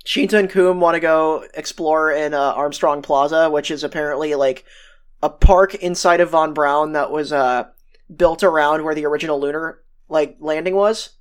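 A podcast co-host chatting loosely about a favorite anime episode. The talk rambles, doubles back on itself and is casually profane, at a middle, unremarkable pitch. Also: fairly even intonation, normal speed, clean tone. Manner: rambling, retells scenes with swearing and laughter.

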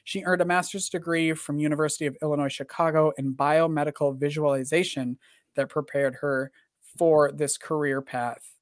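A man's voice: a little high, fairly even intonation, moderate pace, no room sound, studio quality. A man hosting a casual live podcast chat, rambling with lots of fillers and joking at himself. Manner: rambling and self-deprecating, with many fillers. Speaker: podcast host.

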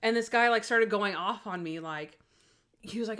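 A young adult woman telling a story in casual chat, animated and full of fillers, acting out what people said. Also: medium pitch, moderate pace. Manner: animated, lots of fillers and acted-out quotes.

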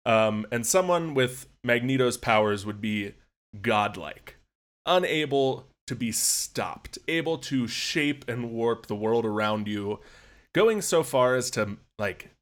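A man co-hosting a podcast, setting a scene in second person with measured, storytelling delivery. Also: mid-range voice, animated, a bit bright. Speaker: podcast co-host. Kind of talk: casual chat, storytelling.

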